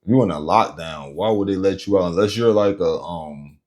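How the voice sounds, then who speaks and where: A man's voice: deep voice, moderate pace, a little mellow. A man hosting a casual reaction show, talking loosely and straight to his viewers. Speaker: host.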